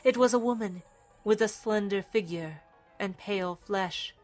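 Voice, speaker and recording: A woman's voice: medium pitch, measured pace, soft background music. A woman narrating a story in a dramatic, scripted reading style.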